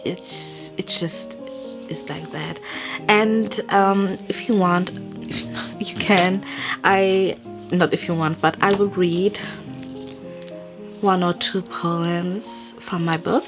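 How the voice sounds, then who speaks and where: A young woman in her twenties chatting casually and candidly, rambling through a personal story with fillers and soft whispered asides. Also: on the low side, fairly even intonation, slow, long pauses. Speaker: vlogger. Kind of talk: casual chat. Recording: music playing behind.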